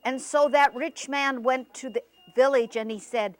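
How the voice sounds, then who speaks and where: A woman storyteller telling a folktale with expressive, dramatic pauses. She keeps a slow, unhurried pace. Her voice sits fairly high. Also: dry recording.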